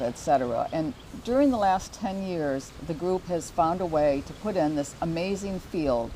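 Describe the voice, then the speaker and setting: A woman's voice: low voice, background noise. An older woman hosting a local real estate show, chatting earnestly about community charities. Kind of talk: casual promotional chat.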